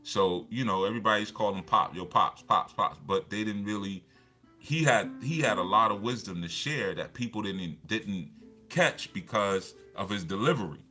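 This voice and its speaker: Over faint background music, a motivational speaker with a fairly low, bright and forceful voice shares personal stories at normal speed. His telling is casual and rambling, packed with restarts and repeated filler words.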